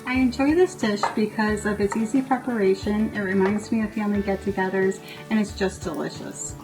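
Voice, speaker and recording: A woman's voice: medium pitch, fairly even intonation, fairly quick, over music, low-quality recording. A woman from the United States sharing a family recipe in a friendly, scripted recorded message. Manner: clear, friendly, reads from a script. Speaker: guest contributor sharing a recipe.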